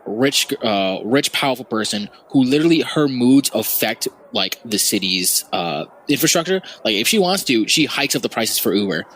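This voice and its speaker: Man, podcast co-host, casual chat, animated storyteller, lively swinging pitch. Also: moderate pace, hardly any pauses, rough recording. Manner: animated storyteller, builds long scenarios.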